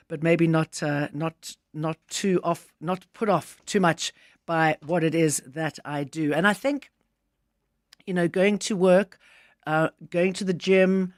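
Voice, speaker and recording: A man's voice: fairly high pitch, fairly even intonation, normal speed, no echo, clean studio sound. A man hosting a radio talk show, chatting casually and musing aloud with frequent restarts.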